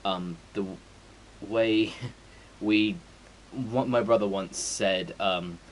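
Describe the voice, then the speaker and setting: Male streamer, low-pitched, rambling and sweary, faint background hiss. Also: slow, rough recording. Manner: rambling, sweary, full of fillers. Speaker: game streamer. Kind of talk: casual chat before a stream.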